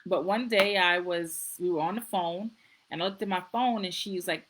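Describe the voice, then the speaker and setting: A woman's voice: medium pitch, brisk, fairly bright tone, low-quality recording. A middle-aged woman, a nurse practitioner, hosting a casual live-stream talk, earnest and repeating herself as she goes. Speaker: host.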